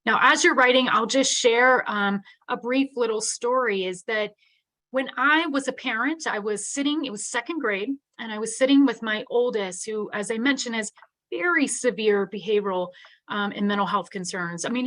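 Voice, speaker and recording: A woman's voice: a little high, fairly bright tone. Earnest woman giving an online keynote. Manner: earnest, conversational, frequent "right?" tags. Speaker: keynote speaker on special education. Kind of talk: live online keynote talk.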